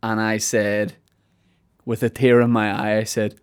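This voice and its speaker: A man's voice: on the low side, little pitch movement, measured pace, smooth. Rambling male podcast host. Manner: rambling, self-mocking storytelling. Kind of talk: casual comic monologue. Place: studio.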